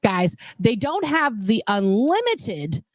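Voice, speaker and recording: Lively American woman host, dry sound. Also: a little high, slow pace, dry recording. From United States. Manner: expressive, opinionated asides to viewers. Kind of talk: casual interview chat.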